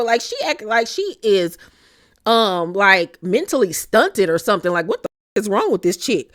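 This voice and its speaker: A woman's voice: mid-range voice, normal speed, no room sound, studio quality. Sassy woman recapping with blunt slang. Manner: blunt, sassy, profane, animated retelling with slang. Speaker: recap vlogger. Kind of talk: casual reality-show recap commentary.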